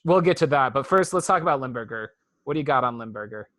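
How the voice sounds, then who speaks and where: A man's voice: medium pitch, expressive, quick pace, fairly bright tone, no room sound. Chatty, wry male podcast co-host. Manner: chatty, wry, sarcastic asides. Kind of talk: casual chat reviewing a cartoon.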